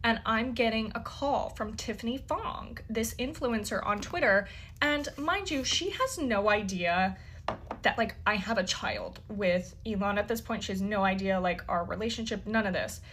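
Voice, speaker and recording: A woman's voice: medium pitch, animated, moderate pace, a bit bright, slight background noise. A woman telling a personal story casually, full of "like" fillers and freely swearing. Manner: chatty, heavy use of "like" fillers, swears freely. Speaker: interview guest.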